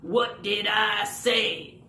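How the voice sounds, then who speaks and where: A woman voicing a brash boy puppet who speaks loudly and carelessly. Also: mid-range voice, drawn-out words, slight background noise. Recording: echoey room.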